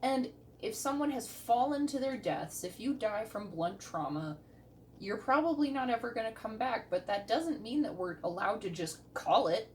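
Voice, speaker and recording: A woman's voice: fairly high pitch, animated, moderate pace. Sarcastic swearing woman paramedic. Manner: blunt, sarcastic, swears a lot. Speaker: paramedic reacting to a TV show. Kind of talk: casual reaction commentary. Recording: distant mic with faint noise.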